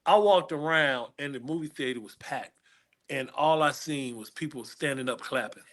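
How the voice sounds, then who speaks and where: A man's voice: mid-range voice, moderate pace, fairly bright tone. A man who is a comedian guest on a podcast, animatedly telling stories and acting out other people's voices over a video call. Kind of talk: podcast interview storytelling.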